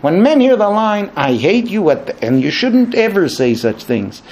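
A man giving a lecture, animated, acting out quoted exchanges in raised voices. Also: high voice, normal speed. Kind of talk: spoken lecture to an audience.

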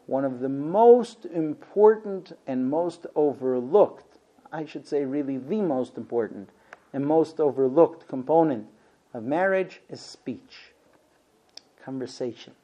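Animated man teaching a marriage class. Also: a little high, measured pace, highs cut off. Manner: animated, acts out both sides of conversations. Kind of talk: lecture on marriage.

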